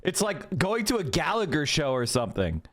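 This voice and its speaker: A man's voice: a little high, very animated, moderate pace, a bit bright. A man giving casual commentary on a clip, sarcastic, incredulous and cursing. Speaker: streamer reacting to a clip.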